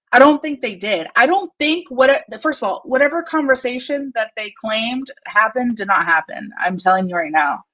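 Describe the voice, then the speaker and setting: A woman's voice: fairly high pitch, moderate pace, few pauses, a bit bright, rough recording. A woman streaming casual commentary, blunt and profane, rambling and laughing often while she multitasks on screen. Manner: distracted while working on screen.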